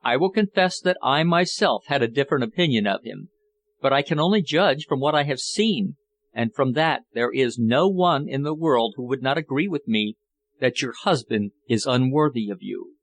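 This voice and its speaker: A man's voice: medium pitch, expressive, normal speed, natural voice. A man voicing a passionate, scornful foreign suitor who speaks fervently and declaims his love. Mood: tender.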